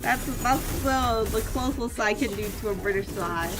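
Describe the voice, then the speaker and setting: A young woman streaming a game, chatting casually, reading the story text aloud and breaking into playful, excited outbursts. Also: fairly high pitch, normal speed, music in the background. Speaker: gaming streamer.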